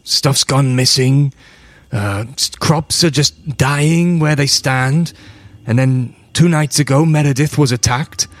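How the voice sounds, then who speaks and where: A man playing a gruff, angry farmer who is worn out and speaks in slow, emphatic, grumbling lines. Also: mid-range voice, no room sound, voice pushed up, lightly acted. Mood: urgent. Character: gruff, angry, weary bearded male farmer.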